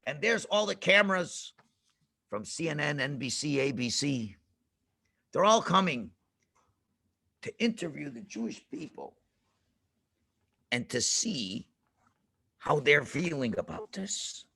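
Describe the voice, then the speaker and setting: A man's voice: a little high, big pitch swings, slow pace, vocal fry, pauses often, pushed and bright, slightly rough. A male rabbi telling a story to children with dramatic flair and frequent questions to them. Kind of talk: animated storytelling lesson.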